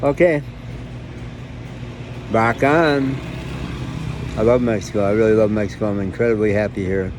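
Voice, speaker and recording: A man's voice: on the low side, normal speed, pauses often, background noise. An older man with a cold, rambling and chuckling as he talks to the camera outdoors near a city park. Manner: rambling, chuckling often, self-deprecating. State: has a cold, coughing. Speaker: travel vlogger. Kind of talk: casual self-filmed monologue.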